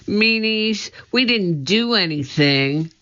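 A reader voicing a bold, fierce young girl who gives excited orders in a children's storybook. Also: medium pitch, slow, voice pushed up, heavily acted. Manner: excited, commanding. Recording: muffled lo-fi recording.

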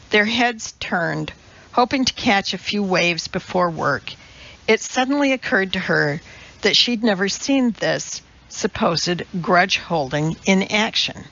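Woman audiobook narrator, measured and wry, slow, dull lo-fi recording. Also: medium pitch, fairly bright tone. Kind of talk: scripted narration.

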